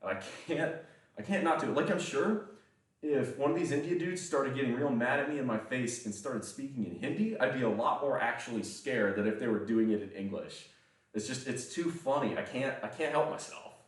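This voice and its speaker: A man's voice: medium pitch, fairly quick. A man chatting casually on a livestream, rambling and profane, often breaking into laughter. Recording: echoey room, voice far from mic.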